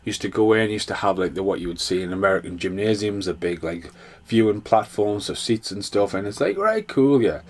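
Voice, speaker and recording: Sweary rambling man, lowish voice. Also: fairly quick. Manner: rambling, sweary, animated storytelling. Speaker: podcast host. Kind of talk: casual solo rant.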